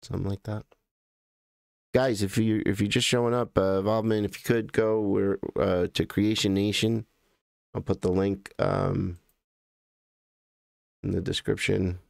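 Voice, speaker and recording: An American man hosting a live stream, chatting casually and in a halting, rambling way as he greets viewers by name. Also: lowish voice, flat delivery, gravelly, darkish tone, no echo, studio quality.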